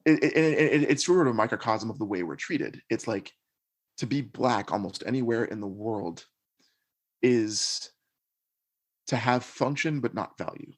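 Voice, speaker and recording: A man's voice: mid-range voice, a little slow. A man talking as a podcast guest, earnestly recounting his experiences in a reflective, conversational way. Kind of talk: conversational storytelling.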